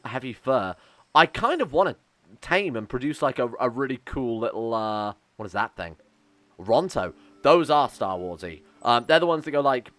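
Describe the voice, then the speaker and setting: A man streaming a video game, rambling and thinking aloud with lots of fillers, excitable as he plays, recorded close on a desk mic at home. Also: mid-range voice, no room sound. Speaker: gaming streamer. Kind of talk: casual let's-play commentary.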